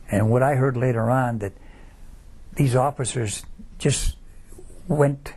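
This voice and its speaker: A man in his nineties, a war veteran, recalls his memories in a halting, rambling way, full of restarts and "you know.". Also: medium pitch, a little mellow, breathy edge. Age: 90s. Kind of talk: oral history recollection.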